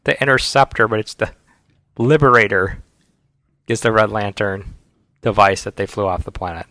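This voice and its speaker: Gravelly, enthusiastic podcast co-host man. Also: fairly low pitch, moderate pace, pushed and bright, no room sound. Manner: enthusiastic fan, playful sound effects. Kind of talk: casual chat.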